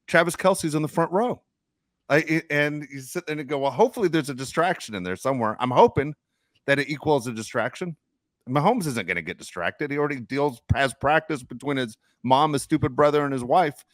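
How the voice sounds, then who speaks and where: A man's voice: fairly high pitch, normal speed, a bit bright, no room sound, clean studio sound. A man co-hosting a sports podcast, giving opinions in casual conversation. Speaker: podcast co-host.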